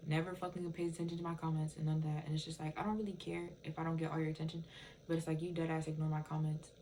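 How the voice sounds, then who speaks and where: A woman's voice: low voice, little pitch movement, rapid-fire, dark tone, slight background noise, low-quality recording. A woman telling a rambling, profane storytime rant in casual speech, full of fillers like "it's just like". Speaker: TikTok viewer telling a story.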